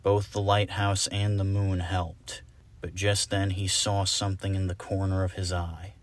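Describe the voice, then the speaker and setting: A man reading a fan-made storybook aloud, slow, soft and deliberate. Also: low-pitched, level tone. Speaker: audiobook reader. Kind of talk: storybook narration.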